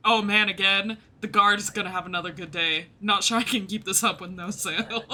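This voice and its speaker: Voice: mid-range voice, steady tone, a little fast, pushed and bright, soft background music. A gaming streamer giving casual, jokey commentary, often flustered, reading game text aloud as they play. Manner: chatty, jokey, easily flustered.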